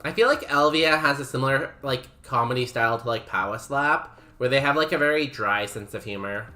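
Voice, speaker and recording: A man's voice: mid-range voice, brisk, pushed and bright. A young man streaming a game, chatting casually with his viewers, laughing often and saying "like" a lot. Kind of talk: casual chat while playing a game.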